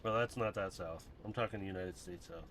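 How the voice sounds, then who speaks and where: A man's voice: fairly low pitch, fairly quick, fairly bright tone, slight background noise. A man streaming while he builds a brick model, chatting casually, rambling and laughing often.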